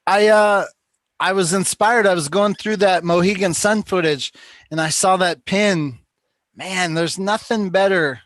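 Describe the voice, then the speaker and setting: A man with a notably high voice hosts a live call-in show. He talks casually and rambles through long stories. His voice is recorded dry and close, with no room sound. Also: unhurried, a bit bright, no room sound. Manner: chatty, rambling storyteller. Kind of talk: casual chat.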